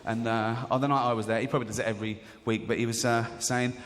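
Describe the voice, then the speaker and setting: On a large theatre stage, an English comedian delivers his set as casual storytelling, switching into other people's voices as he goes. His mid-range voice moves little in pitch and runs at a quick pace. Live theatre reverb, faint crowd sounds and a little hiss or hum are audible.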